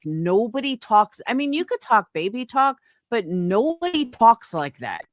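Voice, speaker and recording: A woman's voice: fairly high pitch, sing-song, a little slow, dry recording. A woman on a livestream panel talking bluntly, swearing and mocking others. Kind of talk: casual livestream chat.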